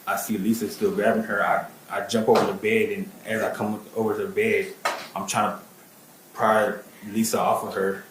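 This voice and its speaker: Man, witness testimony, halting with fillers, flat low voice, echoey room. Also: noisy background. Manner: halting, many fillers and restarts. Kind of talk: testimony and recounting.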